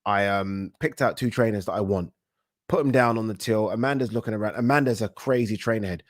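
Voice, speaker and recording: A British man hosting a casual boxing livestream, chatting excitably, swearing casually and reading out viewer messages. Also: lowish voice, fairly quick, no room sound, clean studio sound.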